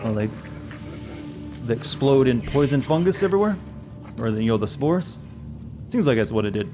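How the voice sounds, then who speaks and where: A man's voice: medium pitch, big pitch swings, moderate pace, music in the background. Rambling joking male game streamer. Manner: rambling, joking, self-deprecating. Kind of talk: casual gameplay commentary.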